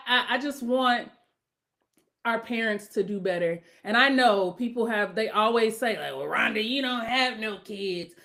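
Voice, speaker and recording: A middle-aged woman hosting her own podcast, talking casually and bluntly with strong opinions, now and then rising into loud emphatic outbursts. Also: on the high side. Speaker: podcast host. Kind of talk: casual solo podcast rant.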